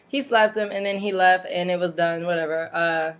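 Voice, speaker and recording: A woman's voice: on the low side, steady tone, a little fast, few pauses, fairly bright tone. Chatty woman rambling through a recap. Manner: chatty, rambling, laughs often, mocking asides. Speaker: vlog host. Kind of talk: casual wrestling recap vlog. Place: home.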